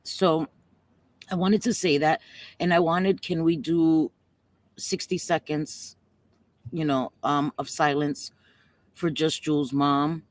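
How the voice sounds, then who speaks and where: She speaks slowly in a deep, fairly even voice with long pauses, hosting a casual livestream. Warm and chatty, she calls viewers "sweetie pie" and is at times close to tears.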